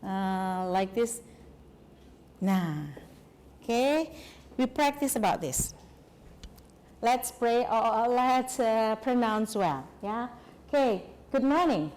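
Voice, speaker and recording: A woman's voice: on the high side, slow, long pauses, a little mellow, slight background noise. Indonesian woman teaching an English class. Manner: switches between English and Indonesian, drilling students on phrases. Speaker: English lecturer.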